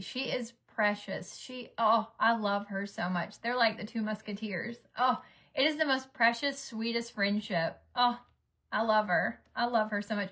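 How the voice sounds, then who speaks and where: A woman's voice: mid-range voice, bright, forceful tone. A woman, chatting through a get-ready-with-me story as a rambling storyteller who drops to a whisper for asides. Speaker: vlogger, mother. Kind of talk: casual get-ready-with-me chat.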